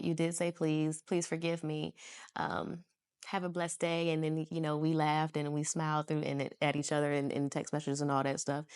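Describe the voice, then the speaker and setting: A young woman from the United States chatting casually to camera from her couch, telling stories animatedly and acting out what people said in a higher voice, laughing often. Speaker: vlogger. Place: home, sitting on a couch.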